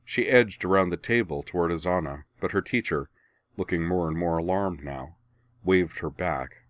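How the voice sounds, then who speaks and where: A man giving steady, measured scripted narration of a story. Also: deep voice, dry recording, studio quality.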